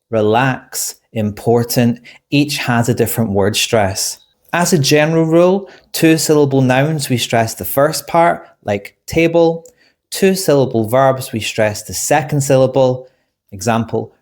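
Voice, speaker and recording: A man with a fairly low voice gives an English exam lesson. He speaks clearly and deliberately, like a tutor addressing his students online. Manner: clear, deliberate teaching delivery.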